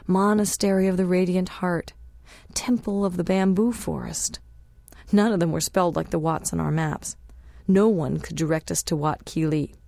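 A woman narrating a travel memoir as an audiobook, in a measured, unhurried reading. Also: fairly low pitch, gravelly, mellow, no room sound.

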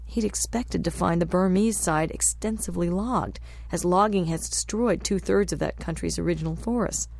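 A woman reading a travel memoir aloud as a narrator, in a measured, descriptive storytelling manner. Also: fairly low pitch, creaky, a little mellow, no room sound. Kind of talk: scripted audiobook narration.

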